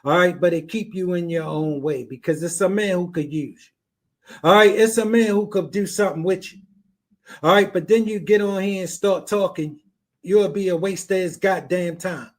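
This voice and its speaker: High-voiced man giving blunt mocking commentary. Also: moderate pace. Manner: blunt, mocking, repeats himself. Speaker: reaction podcast host. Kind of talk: profane reaction commentary.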